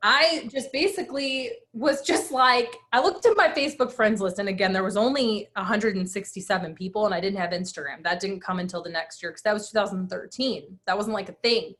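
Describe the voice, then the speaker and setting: A woman in her thirties, appearing as a guest speaker, tells her personal story with animated, emphatic energy and acts out the quotes. Her voice is mid-range, a little fast, with few pauses.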